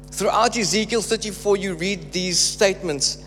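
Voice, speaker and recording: A man's voice: sits high, normal speed, a bit bright, soft background music. A man preaching a sermon, emphatic and repeating phrases for stress. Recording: reverberant hall with faint hum.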